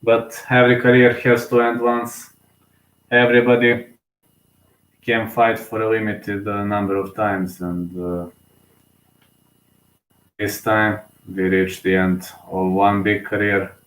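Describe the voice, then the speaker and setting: A man's voice: on the low side, flat delivery, slow, long pauses, fairly bright tone, echoey room, low-quality recording. A young man, giving casual solo live commentary on a fight, emotional and rambling, full of fillers and restarts, sleepy.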